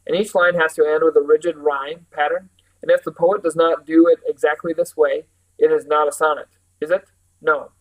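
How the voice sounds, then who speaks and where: A stern, formal otherworldly woman guide, as a man reading a storybook puts her on. She speaks in measured, proper sentences, patient but firm, a little above his usual pitch. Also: little pitch movement, natural voice, rough recording.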